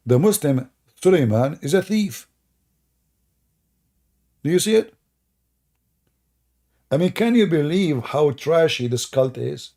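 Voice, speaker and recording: Sarcastic guy ranting on a stream, gravelly low-key voice, keeps asking mocking questions. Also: animated, slow, long pauses, dark tone. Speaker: online religious debate host. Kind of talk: mocking livestream commentary.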